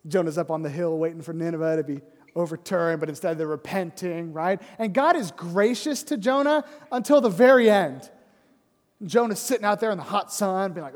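A man preaching a sermon as pastor, conversational and often asking "right?", dropping to a soft, low voice for emphasis. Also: expressive, normal speed, big-room sound.

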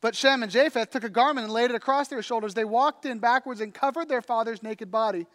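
A man preaching a sermon, telling a story in an animated, conversational way with acted-out quotes. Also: extremely high pitch, quick pace. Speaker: pastor.

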